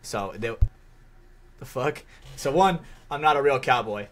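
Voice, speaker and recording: A man's voice: mid-range voice, lively intonation, unhurried, fairly bright tone, faint music behind. A man co-hosting a casual podcast, talking in a laid-back, rambling way and swearing casually. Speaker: podcast co-host. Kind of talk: casual chat.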